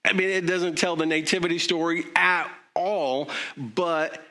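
A man's voice: on the high side, steady tone, measured pace, bright, forceful tone. A man preaching a sermon in a conversational way, with joking asides and frequent fillers. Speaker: pastor.

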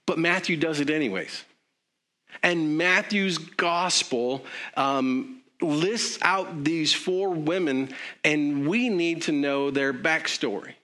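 A man's voice: on the high side, pushed and bright. A man preaching a sermon in a conversational way, with joking asides and frequent fillers. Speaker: pastor.

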